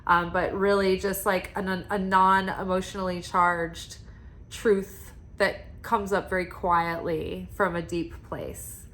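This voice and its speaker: A woman's voice: on the low side, flat delivery, slow pace. A woman reading oracle cards in a casual vlog, talking in a rambling, confiding way with lots of "like" fillers. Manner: soft and quiet at times, with sighs and laughs. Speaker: oracle card reader.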